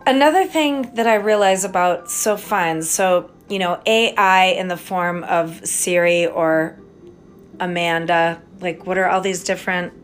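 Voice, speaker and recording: A woman's voice: lowish voice, unhurried, faint music behind. An American woman hosting a podcast, rambling in a casual monologue, spelling words out, swearing and trailing off mid-thought. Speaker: podcast host.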